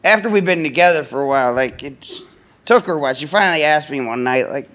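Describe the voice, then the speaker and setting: A man's voice: a little high, expressive, fast talker, fairly bright tone. A man doing a stand-up comedy set in a club, rambling and self-deprecating, full of fillers and restarts.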